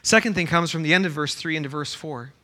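Brief: male pastor with a high voice, preaching and asking rhetorical questions. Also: fast talker, sharp tone. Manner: reads scripture, then explains with rhetorical questions. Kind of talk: sermon.

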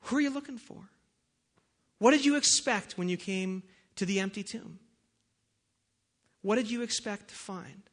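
High-voiced man preaching casually. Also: normal speed, long pauses. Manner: casual, conversational preaching with fillers; prays in a soft, lowered voice. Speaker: pastor. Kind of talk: sermon.

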